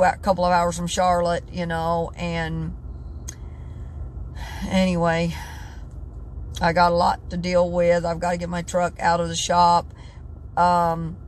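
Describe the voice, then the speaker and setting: A tired woman in her sixties talking in a casual vlog, stressed and halting, often repeating herself and restarting sentences. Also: fairly low pitch, a little hiss or hum. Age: 60s. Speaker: vlogger. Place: in her truck at a truck stop.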